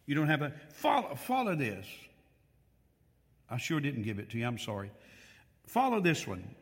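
Animated preacher in a reverberant church. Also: male voice, mid-range voice, moderate pace. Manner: animated, reads scripture aloud with emphatic stress; asks the congregation questions directly. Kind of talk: sermon. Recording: long hall reverb.

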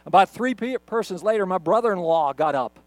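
High-voiced middle-aged man preaching. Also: expressive, fairly quick, dry recording. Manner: conversational storytelling with restarts. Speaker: pastor. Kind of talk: sermon recorded for online video. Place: church recorded on camera.

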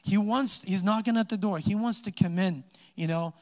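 A man's voice: high-pitched, moderate pace. A man giving a casual, chatty sermon, asking the congregation questions and joking between points. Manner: chatty, joking asides with laughs, rhetorical questions. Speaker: pastor. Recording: long hall reverb.

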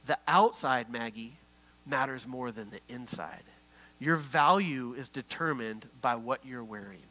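A man voicing the enemy, a sly tempting spirit, in a soft, low, insinuating murmur. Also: very animated, a little slow, poor audio.

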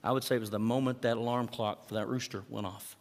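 A man delivers a sermon in a mid-pitched voice. He preaches conversationally and keeps putting questions to the congregation. His voice carries a long reverb, as if in a large church hall. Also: steady tone, fast, a little hiss or hum. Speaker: pastor.

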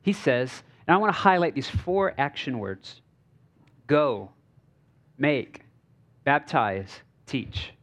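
A man preaching from a church stage in a loose, chatty way. He jokes, drops fillers like "like" and "uh," and keeps asking the crowd if they follow him. His pitch sits in an ordinary middle range for a man. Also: sing-song, slow pace, pauses often, a bit bright. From United States. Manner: casual and joking, with many fillers and checks on the crowd. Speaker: pastor. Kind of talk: conversational sermon.

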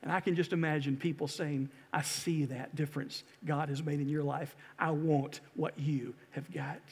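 Male pastor, high voice, fervent sermon delivery, hall reverb. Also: level tone, moderate pace, husky. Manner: impassioned, rising to loud exhortation and dropping to hushed pleas.

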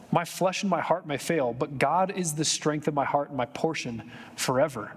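A man's voice: fairly high pitch, a little fast, husky, in a large hall. A male pastor preaching a sermon in a church, talking conversationally with joking asides and building to impassioned emphasis. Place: church sanctuary.

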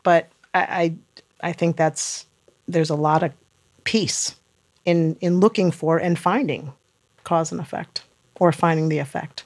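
A woman who served as a military nurse, talking as a podcast guest in a loud, animated way and laughing often. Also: sits low, a little slow. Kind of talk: casual conversation.

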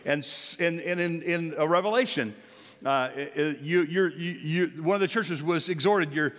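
A middle-aged man preaches in a church, his slightly high voice carrying a long reverb through the hall. He tells homely stories with jokey asides, dropping low and then rising loud and animated. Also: moderate pace. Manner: storytelling, jokey asides, animated swings in volume. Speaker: pastor. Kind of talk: sermon. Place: church sanctuary.

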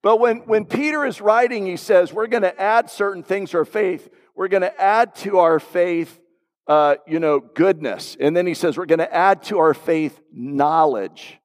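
A man's voice: high-pitched, normal speed. A middle-aged man, a pastor, preaching a sermon and telling a personal story with asides to the congregation. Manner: storytelling, conversational with audience asides. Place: church sanctuary. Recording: long hall reverb.

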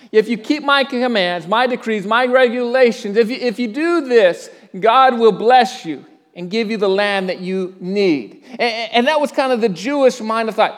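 High-voiced man preaching conversationally. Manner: conversational preaching with frequent stammered restarts; asks the congregation questions and pauses for answers. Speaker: pastor. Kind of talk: sermon.

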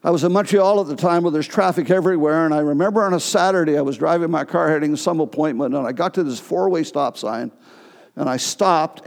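A middle-aged male pastor preaching a sermon, telling a personal story with emotion and halting restarts. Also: on the high side, creaky, a little mellow. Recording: long hall reverb.

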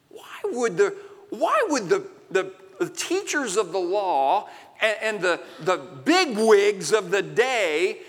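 Male pastor, high lively delivery, loud to hushed, reverb of a big church. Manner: animated, swinging from loud to hushed. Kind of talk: preaching a sermon. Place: large church sanctuary. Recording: long hall reverb.

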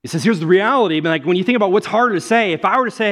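A young adult man preaching a sermon on stage, telling stories with loud bursts and quiet asides. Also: sits high, fast talker, hardly any pauses. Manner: animated storytelling, swinging between loud bursts and quiet asides. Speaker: pastor.

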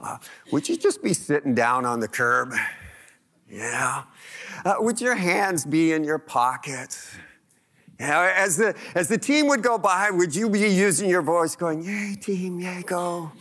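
Animated bright-voiced male pastor. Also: fairly high pitch, a little slow. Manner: animated, conversational, asks the congregation questions. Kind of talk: sermon.

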